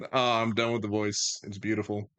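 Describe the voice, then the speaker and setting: A male streamer chatting live. He is excitable and teasing, with quick, stammered restarts and frequent laughs. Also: fairly low pitch, clear, resonant tone. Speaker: streamer host.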